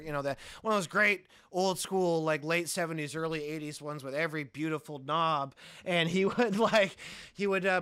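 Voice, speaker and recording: Male actor guest, rambling and profane, smooth bright voice. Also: fairly high pitch, no echo, clean studio sound. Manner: rambling, swears, laughs mid-sentence. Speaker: podcast guest, actor and author. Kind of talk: casual chat.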